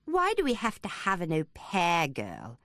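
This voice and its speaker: Woman reader doing eight-year-old twin boys, cheeky, bickering, high childish voice, very lively pitch, dry close audiobook sound. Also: unhurried, no echo, full character voice. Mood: complaining.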